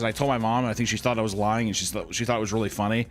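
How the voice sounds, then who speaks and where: A man's voice: on the low side, steady tone, racing, over music. A young man co-hosting a casual podcast, teasing and blunt, often laughing as he talks. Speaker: podcast co-host. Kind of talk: casual chat.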